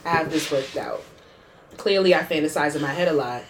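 Animated, profane woman chatting. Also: low-pitched, brisk, a little hiss or hum. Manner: animated, profane, laughs often. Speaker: podcast co-host. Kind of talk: casual chat.

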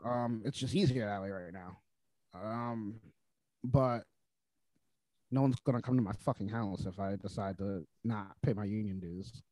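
A man's voice: lowish voice, measured pace, mellow, dry recording. A man talking on a podcast, speaking bluntly with plenty of profanity in a laid-back way. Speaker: podcast guest. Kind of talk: casual podcast banter.

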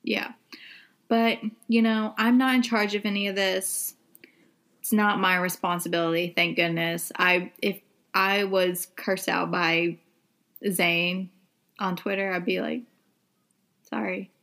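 A woman's voice: mid-range voice, little pitch movement, a little slow, fairly bright tone. A young adult woman co-hosting a podcast, chatting casually with many "like" and "um" fillers. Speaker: podcast co-host.

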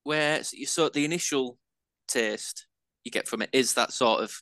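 A man's voice: mid-range voice, moderate pace, sharp tone, no echo. A man co-hosting a casual beer podcast, self-deprecating and rambling, with lots of fillers as he talks about brewing. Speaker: podcast co-host and home brewer. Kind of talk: casual chat.

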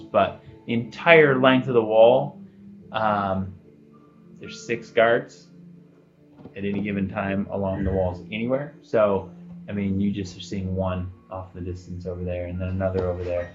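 A man narrating as game master of a tabletop game, animated and full of fillers. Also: on the low side, a little slow. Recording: dull lo-fi recording, faint music.

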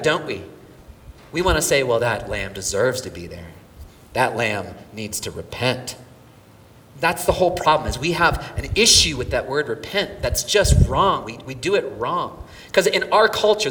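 A middle-aged man preaching a sermon, telling a story with swings from near-whispers to shouts. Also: fairly high pitch. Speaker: pastor. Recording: distant mic with hall reverb and faint room noise.

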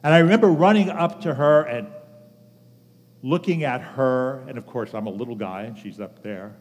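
A man's voice: medium pitch, darkish tone. Older man preaching in a reverberant hall. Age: 70s. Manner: earnest personal storytelling with measured pauses. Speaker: pastor. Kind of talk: sermon. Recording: long reverb of a large hall.

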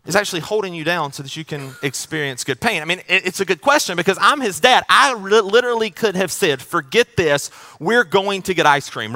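A man preaches as pastor in a relaxed, chatty way. His voice sits fairly high and sounds bright and forceful. He repeats words and phrases as he tells his story. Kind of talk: sermon.

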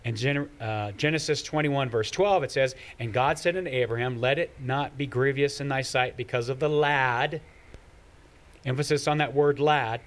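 Man teaching a Bible study. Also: medium pitch. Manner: explanatory, reads scripture aloud, digresses.

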